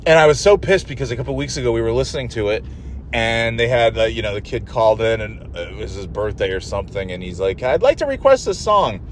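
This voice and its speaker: A man's voice: fairly low pitch, fairly even intonation, quick pace. Male solo host, profane rambling rants, in-car recording with light engine hum. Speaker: podcast host.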